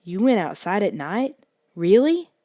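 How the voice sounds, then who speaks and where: A woman voicing a big, gruff boy who mutters and avoids answering. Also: medium pitch, big pitch swings, unhurried, mellow, no echo, clean studio sound. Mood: evasive.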